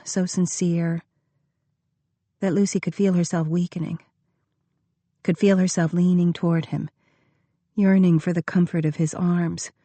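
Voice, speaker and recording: Woman, audiobook narrator, measured expressive reading, low pitch, warm tone. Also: dry recording. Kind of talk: scripted narration.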